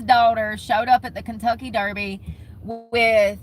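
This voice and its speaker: A young woman, chatting casually to camera as a vlogger, gossipy and animated. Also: mid-range voice, normal speed, a little hiss or hum, low-quality recording. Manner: chatty, gossipy, talks with her hands in words like "y'all" and "homegirl".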